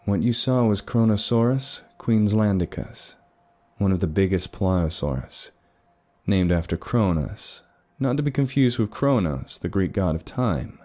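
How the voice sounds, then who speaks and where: A man voicing a calm, firm young woman with an American accent and a sweet, reassuring voice in an audio story. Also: on the low side, measured pace.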